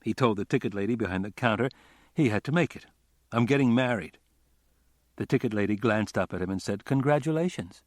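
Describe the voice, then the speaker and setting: Low-voiced male audiobook narrator. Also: quick pace, dry recording, studio quality. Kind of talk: scripted narration.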